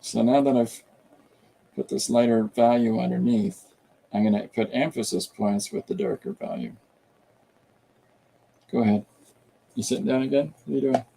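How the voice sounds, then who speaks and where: A man's voice: medium pitch, normal speed, vocal fry, long pauses, dark tone, a little hiss or hum, rough recording. A man streaming a comic drawing tutorial, rambling casually and chatting with viewers and a pet as he draws.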